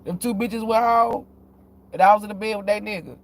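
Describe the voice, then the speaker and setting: A man's voice: high voice, fairly even intonation, a little fast. A man talking casually to his viewers, telling a story in a blunt, profane, frank way with frequent laughs. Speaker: tarot reader vlogger.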